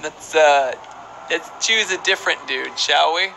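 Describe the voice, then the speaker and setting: Bright-voiced playful male game streamer. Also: fairly high pitch, a little slow, gravelly, slight background noise, poor audio. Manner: rambling, playful, reads chat aloud. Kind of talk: casual live-stream chat while playing.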